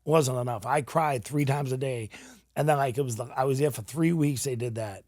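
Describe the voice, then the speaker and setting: A man in his forties from New England, a podcast guest telling his story in a blunt, animated way with casual swearing. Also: medium pitch, a little fast, no echo, clean studio sound.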